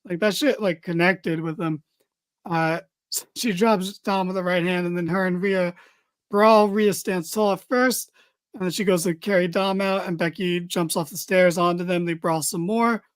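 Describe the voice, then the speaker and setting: A man's voice: high voice, fairly even intonation, moderate pace, clean tone, no echo. A man hosting a casual wrestling podcast, recapping a show in a loose, chatty way with lots of fillers and the odd swear.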